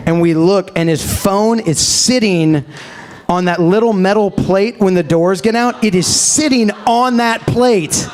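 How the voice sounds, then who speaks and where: A man with a slightly raised pitch spins a rambling comedic anecdote in front of a live audience. He keeps restarting phrases, then throws himself into loud, gasping impressions of the people in his story. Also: normal speed. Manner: animated, acts out bystanders' voices with shouts and gasps. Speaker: podcast co-host. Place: live show at a music venue.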